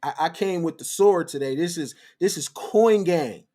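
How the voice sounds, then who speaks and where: A man's voice: fairly high pitch, normal speed, warm tone. A man hosting a livestream, lecturing his viewers in a fiery, preachy monologue, repeating phrases for emphasis. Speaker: livestream host.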